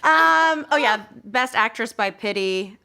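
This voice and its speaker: A woman's voice: on the high side, animated, slow pace, creaky, bright, forceful tone. A woman guest telling candid stories in casual chat, laughing as she goes.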